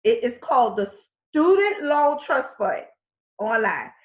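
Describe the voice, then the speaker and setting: Emphatic American woman vlogger, talks with her hands, higher voice, recorded in a roomy space. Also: sing-song, unhurried. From United States. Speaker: vlogger giving college funding advice. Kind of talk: casual direct-to-camera talk. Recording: echoey room, dull lo-fi sound.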